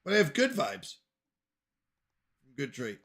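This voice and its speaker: A man's voice: fairly high pitch, wildly swooping pitch, slow pace, a bit bright. A man from the United States streaming a game, chatting casually and rambling as he answers viewers' questions aloud. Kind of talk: casual gaming livestream chat.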